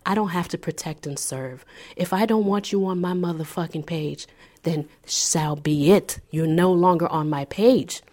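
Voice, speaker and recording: A woman's voice: lowish voice, normal speed, a little mellow. Fired-up woman ranting bluntly. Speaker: podcast co-host. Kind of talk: casual podcast chat.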